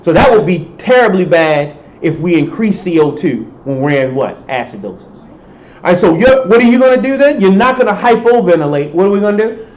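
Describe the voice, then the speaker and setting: A male professor lectures a class in a high-pitched, darkish voice, very animated and a little fast. He poses questions to students and answers them himself. It's recorded in an echoey lecture hall with dull sound and faint hiss.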